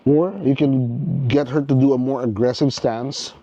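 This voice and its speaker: A man giving a casual unboxing commentary, thinking aloud as he works, restarting often and checking in with "okay?", clearly enthusiastic about the toy. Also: medium pitch, steady tone, unhurried, mellow, dry recording, dull audio. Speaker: toy reviewer.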